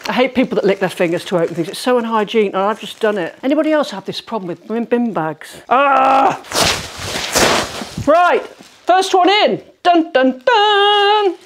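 A woman's voice: medium pitch, lively intonation, fast, hardly any pauses, a little hiss or hum. A middle-aged woman, chatting through a declutter vlog as she sorts socks in her bedroom, exclamatory and self-mocking. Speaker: home organising vlogger. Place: bedroom, sorting socks on a bed.

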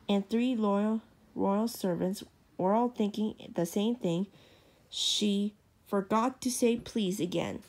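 A woman reading a children's storybook aloud, halting and restarting as she reads. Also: medium pitch, a little mellow. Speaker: storybook reader.

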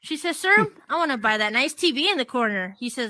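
Giggly woman comic, high bright voice, chatty stand-up delivery. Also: big pitch swings, brisk, no room sound. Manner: giggles between jokes, chatty. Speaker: stand-up comedian. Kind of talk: stand-up comedy set. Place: virtual reality comedy club.

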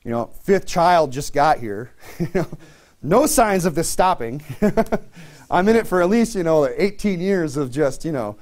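A man's voice: fairly high pitch, animated, measured pace, a little mellow. A man in his thirties preaching a sermon in a casual, conversational way, full of fillers and restarts. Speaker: pastor.

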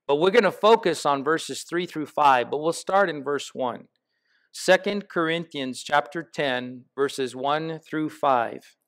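Pastor, man with a high voice, preaching to his congregation in a church, emphatic and questioning. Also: slow pace, a bit bright. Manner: asks the congregation questions, builds emphatic lists. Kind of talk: sermon. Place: church sanctuary.

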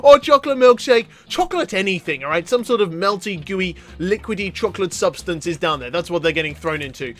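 A man hosting a gaming channel, giving excitable let's-play commentary full of yelling and laughter. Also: sits high, a little fast, few pauses.

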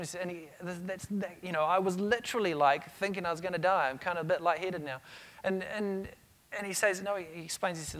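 A middle-aged man giving an energetic conference talk on stage, telling stories with frequent restarts. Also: high-pitched, fast. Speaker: conference speaker. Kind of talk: conference keynote.

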